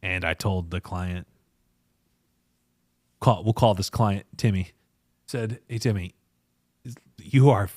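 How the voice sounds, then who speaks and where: Low-voiced and slow, with long pauses, the podcast host and company founder recounts stories in a clean, echo-free studio recording. Still animated, he laughs frequently and performs the voices of people he quotes, raising his voice to do so.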